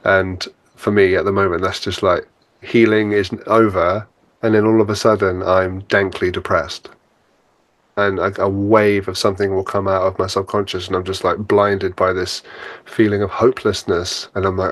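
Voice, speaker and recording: A man with a fairly low voice talks through spiritual ideas in a relaxed, reflective way. He laughs easily and slips into quoting his own thoughts. The sound is close and dry, with no room around it. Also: a little fast, no echo. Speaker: podcast guest, spiritual teacher. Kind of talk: casual spiritual conversation.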